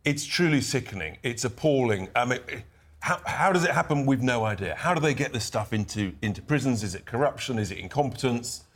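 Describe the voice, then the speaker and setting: A man's voice: mid-range voice, lively intonation, a little fast. A man on a TV panel, indignant and stumbling over restarts as he argues. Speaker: panel guest. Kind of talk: heated panel debate.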